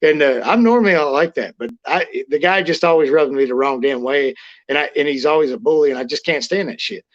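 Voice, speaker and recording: A man's voice: a little high, a little fast. Blunt, profane man telling wrestling stories. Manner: blunt, profane, rambling with restarts. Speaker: interview guest, former wrestler. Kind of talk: casual storytelling interview. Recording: lo-fi muffled audio.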